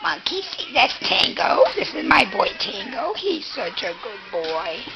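A woman's voice: a little high, very animated, a little slow, lo-fi sound, a loud crowd. A woman filming at home and cooing baby talk to her pet dogs. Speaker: pet owner. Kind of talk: home video talking to her pets.

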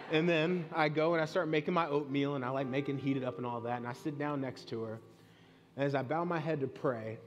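A pastor in his thirties preaches to his church in an earnest, conversational voice of ordinary pitch, telling personal stories along the way. Soft instrumental music plays faintly behind him. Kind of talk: sermon. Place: church sanctuary.

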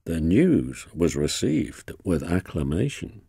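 Man narrating a train storybook, slow, low-ish, lots of expression. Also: vocal fry, slightly rough, no room sound, clean studio sound. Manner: measured, expressive reading.

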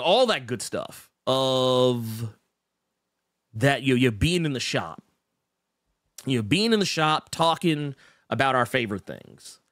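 Man, livestream host, lively up-and-down pitch, rambling, dry close sound. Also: no room sound. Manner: rambling, self-interrupting, emotional. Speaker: podcast host reading live chat. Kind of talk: casual livestream chat.

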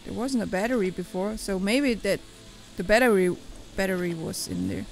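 A young woman hosting a let's play, reacting excitably, exclaiming and talking back to the game as she plays. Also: mid-range voice, normal speed, vocal fry, soft background music, poor audio. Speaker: gaming channel host.

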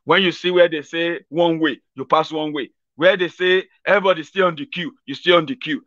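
A man with a Nigerian accent talks straight to camera in a loose, animated commentary, often slipping into other people's voices. His voice sits fairly high for a man. The recording is dry, with a slightly dull, muffled top end. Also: fairly quick, no room sound. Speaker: political commentator. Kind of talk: casual commentary monologue.

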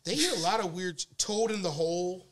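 A man co-hosting a comedy podcast, bantering loudly with lots of laughter and profanity. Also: high-pitched, brisk, a loud crowd. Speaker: podcast co-host.

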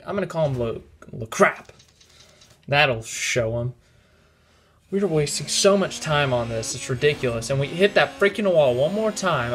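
A young man commentating his own racing game run, frustrated and ranting in quick outbursts. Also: on the high side. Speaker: gaming commentator. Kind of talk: live gameplay commentary.

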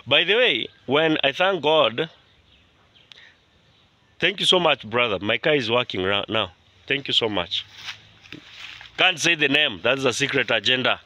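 A man vlogging outdoors on his rural land, talking to viewers in an animated, indignant way and often repeating himself. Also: mid-range voice. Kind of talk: casual vlog talk to viewers.

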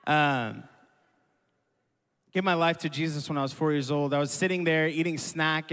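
A man's voice: a little high, fairly bright tone. A young man preaching a sermon, repeating key phrases and asking the crowd to echo them back. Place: large church hall. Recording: long hall reverb.

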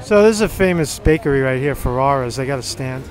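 A man's voice: medium pitch, animated, fast, some chatter behind. A man walking a street festival for his vlog, chatting casually and teasing people he meets. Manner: joking, teasing banter. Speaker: street vlogger.

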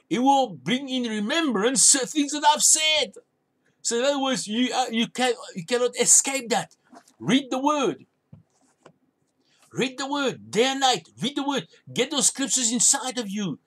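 A man's voice: very high-pitched, fairly bright tone. A man preaching a sermon as a pastor, urging listeners with emphatic, repeated commands. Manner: emphatic, repetitive exhortation.

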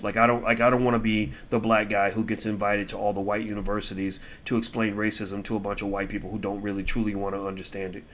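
A middle-aged man giving casual opinion commentary, answering viewer questions in a blunt, heated way that swings between loud outbursts and low mutters.

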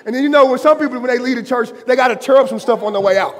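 A man's voice: very high-pitched, racing, big-room sound. A man preaching a sermon as pastor, impassioned and conversational, with colloquial asides to his congregation. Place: church sanctuary.

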